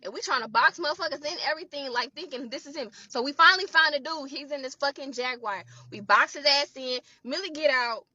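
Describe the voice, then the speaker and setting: A woman tells a rowdy storytime, voice high and bright. She is profane and animated, and she acts out everyone's lines. The recording is dry and a little dull. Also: fairly quick, few pauses, no room sound. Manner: profane, animated retelling with acted-out quotes. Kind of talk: casual storytime vlog.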